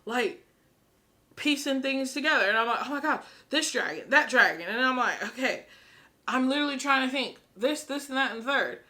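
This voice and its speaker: A woman filming a casual book reaction vlog, gushing and excitable, often laughing and repeating herself as she rambles. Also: high voice, normal speed. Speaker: book vlogger. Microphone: camera she films herself with.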